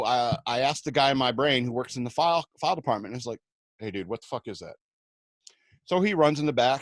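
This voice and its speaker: A man's voice: medium pitch, no room sound. A man on a radio show, telling self-mocking comic anecdotes and acting out the quotes along the way. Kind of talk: comic storytelling.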